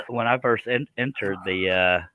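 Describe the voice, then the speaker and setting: A man's voice: on the low side, unhurried, sharp tone, low-quality recording. A man with a Texan accent hosting a live stream, joking and laughing often. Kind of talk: casual chat on a live stream.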